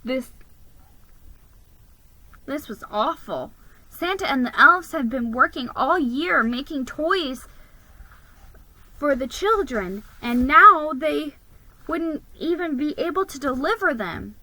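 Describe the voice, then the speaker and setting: A woman reading a children's book aloud in an animated, expressive way. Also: high-pitched, takes it slowly, long pauses, low-quality recording. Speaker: reader.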